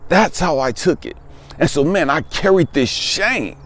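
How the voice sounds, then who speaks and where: This is a man in his fifties telling his own story, straight to camera, as a spiritual coach. His voice sits slightly high and swings widely in pitch. He talks emphatically and conversationally, hammering points through repetition. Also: animated, measured pace, a bit bright. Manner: emphatic, conversational, repeats phrases for weight. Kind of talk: personal testimony monologue.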